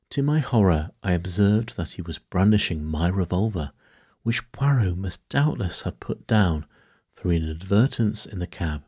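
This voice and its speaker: A man reading a bedtime story as narrator, in a soft, even delivery. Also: low voice, breathy edge, dry recording, clean studio sound.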